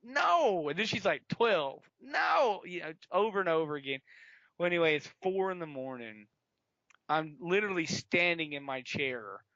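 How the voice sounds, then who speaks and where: Bright forceful guy on a podcast, dry muffled mic, gets loud telling stories. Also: a little high, normal speed, no echo. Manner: animated storyteller, acts out a phone call, yells and laughs. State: sore throat. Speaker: podcast co-host. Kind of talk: casual chat.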